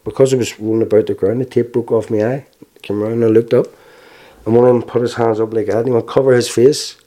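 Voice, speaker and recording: A man with a Belfast accent giving a halting, plainspoken personal account, with restarts and wry laughs. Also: medium pitch, level tone, dark tone. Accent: Northern Irish, Belfast. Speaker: interviewee. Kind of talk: personal testimony.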